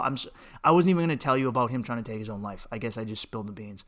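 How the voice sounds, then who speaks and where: A man's voice: mid-range voice, steady tone, racing, fairly bright tone. A young man, hosting a podcast as a candid personal monologue, profane and impassioned, with restarts and rising outbursts. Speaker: podcast host.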